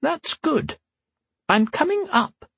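A man voicing an old empress who is creaky and sharp-tongued, in a high put-on voice. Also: big pitch swings, slow, dry recording, exaggerated voice. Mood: tart.

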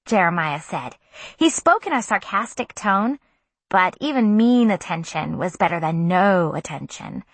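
Soft, breathy woman reading an audiobook. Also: on the low side, expressive, unhurried, no echo. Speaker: audiobook narrator. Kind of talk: first-person audiobook narration.

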